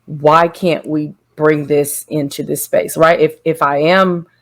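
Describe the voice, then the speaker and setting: A woman co-hosting a relationship podcast in casual chat, thinking out loud with quick asides and short affirming replies. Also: low-pitched, little pitch movement. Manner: reflective, quick asides, lots of affirming "mm-hmm". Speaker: podcast co-host.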